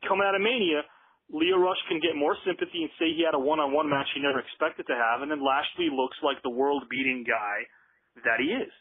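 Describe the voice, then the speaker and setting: A man with a somewhat high, husky voice talks through his opinions in long, rambling runs, often stopping to correct himself. The sound is thin and phone-like, and the room is dry and close. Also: fairly quick, dry recording. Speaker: podcast co-host. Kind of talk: casual chat.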